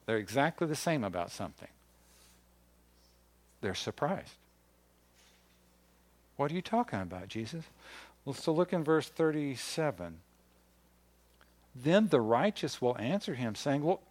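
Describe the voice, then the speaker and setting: A man preaches from the pulpit, reading scripture aloud verse by verse. His voice sits at an ordinary middle pitch. He leans into his key points with rising emphasis. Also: sing-song, a little slow, pauses often, a little mellow. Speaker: pastor. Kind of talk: sermon.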